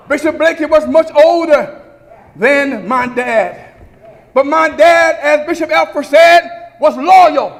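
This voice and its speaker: High-pitched whooping preacher in a reverberant church. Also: male voice, slow pace. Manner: builds to shouted, chanted crescendos with a singing preacher's cadence. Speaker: pastor delivering a eulogy. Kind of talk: eulogy sermon with whooping sung cadence. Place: large church sanctuary before a congregation. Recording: long church reverb with organ and congregation.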